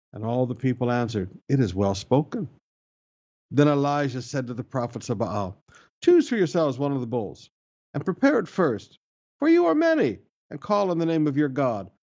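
Male pastor, mid-pitched, preaching with emphatic repetition; slightly dull recording. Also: darkish tone. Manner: preaching with emphatic lifts and repeated phrases. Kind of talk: sermon.

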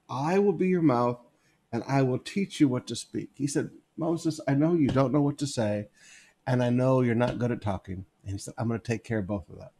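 A man's voice: mid-range voice, warm tone, slightly rough. A man preaching a sermon, repeating key phrases for emphasis as he reads and explains scripture.

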